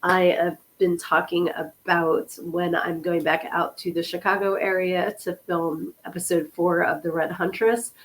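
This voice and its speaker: Hoarse fifty-year-old woman chatting. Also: on the low side, little pitch movement, a little slow, hardly any pauses. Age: 50s. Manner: chatty, apologetic, greets viewers by name. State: hoarse from a cold. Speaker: podcast host and author. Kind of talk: casual livestream chat.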